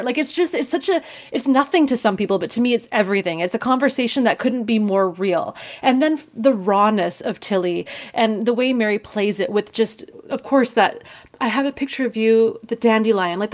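A woman co-hosting a podcast, gushing and emphatic, dropping casual swears. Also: fairly high pitch. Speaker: podcast co-host.

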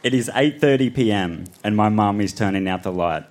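A man reading his childhood horror story aloud on a live festival stage, deadpan between laughs. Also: fairly low pitch, brisk, over a noisy crowd, very noisy. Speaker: reader on a live storytelling show.

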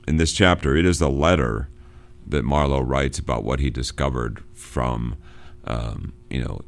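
Middle-aged male teacher with a very low, gravelly voice, halting, filler-heavy classroom talk. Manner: halting, many fillers and restarts. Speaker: literature teacher. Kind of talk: informal lecture on a novel.

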